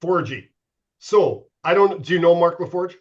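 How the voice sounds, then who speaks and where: A man's voice: high voice, lively intonation, normal speed, highs cut off. A middle-aged man, a former hockey goalie, telling profane, laughing stories as a podcast guest. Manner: profane, laughing storyteller with frequent restarts. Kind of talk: casual storytelling chat.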